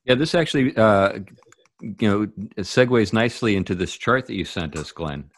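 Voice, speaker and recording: A man hosting a casual discussion, tentatively thinking out loud. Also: on the low side, expressive, moderate pace, dry recording.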